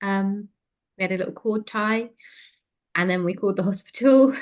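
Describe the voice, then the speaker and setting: A woman telling a personal story in conversation, frank and lively, with many fillers. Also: mid-range voice, moderate pace. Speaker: interview guest.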